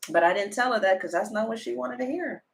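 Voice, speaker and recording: A woman tarot reader telling a story to her viewers in a chatty, animated way, full of fillers and sudden loud high exclamations. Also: quick pace, creaky. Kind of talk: casual storytelling chat to live viewers.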